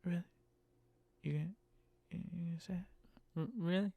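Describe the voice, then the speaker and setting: Gravelly man ranting, profane and exasperated. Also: moderate pace, no room sound. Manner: profane, exasperated, laughs often; animated, jumps into higher pitch when mocking. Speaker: podcast host and rideshare driver. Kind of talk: casual ranting monologue.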